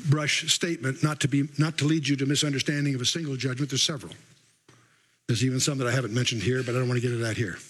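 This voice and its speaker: An older man with a husky voice teaching a Bible lesson, reading scripture with emphasis and adding casual asides. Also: fairly high pitch, a bit bright, poor audio. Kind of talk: sermon.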